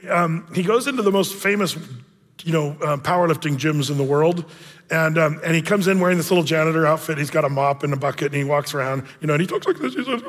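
Male pastor, high voice, casual storytelling sermon full of filler words, long church reverb. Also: fairly bright tone. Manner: chatty, storytelling, many fillers. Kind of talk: conversational sermon. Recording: long reverb of a large hall.

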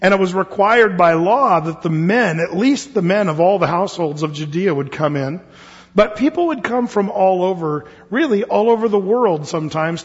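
A man with a high voice talks loosely through a Bible study, circling back on himself with lots of fillers and restarts. The sound is dull and lo-fi, and his voice rings with a long reverb like a big church hall. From Oregon. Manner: casual, rambling, with many fillers and restarts. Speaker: pastor.

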